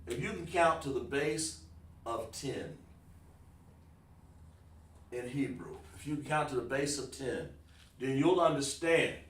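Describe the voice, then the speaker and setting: A man teaches a counting class in an easygoing, chatty way, circling back over his own phrases and dropping "man" into his sentences. His voice is mid-pitched and sounds far from the mic. The room around him is noticeably echoey. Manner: informal, repeats phrases, says "man" often, chuckles. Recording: roomy, distant mic.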